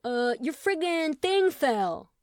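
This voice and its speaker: A woman voicing a boorish, loud young man who shouts crude taunts, in a dry recording. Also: high voice, big pitch swings, slow pace, dry recording, voice pushed up, exaggerated voice. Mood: careless.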